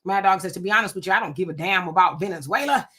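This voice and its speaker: A woman hosting a casual livestream, reading out viewer comments and telling animated stories. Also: lowish voice, racing, husky. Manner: animated storytelling with frequent laughs. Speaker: livestream host.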